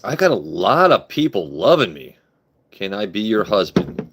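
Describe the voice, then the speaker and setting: A man's voice: on the low side, big pitch swings, moderate pace, noisy background. A young man hosting a casual phone live stream, joking, swearing and talking back to his viewers' comments. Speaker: livestream host. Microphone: phone camera.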